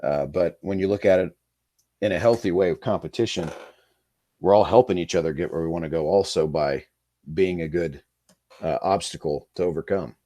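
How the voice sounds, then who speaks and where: A man who coaches high school football, talking in a rambling, easygoing way with lots of fillers and restarts. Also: moderate pace, mellow, no room sound. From Kansas. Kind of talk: casual podcast interview.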